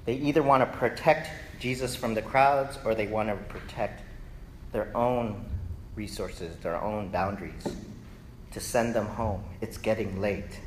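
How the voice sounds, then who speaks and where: A male pastor preaching a lively, conversational sermon that keeps checking in with the congregation. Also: lowish voice, a little slow. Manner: animated, conversational, often asks "right?". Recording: echoey hall, faint noise.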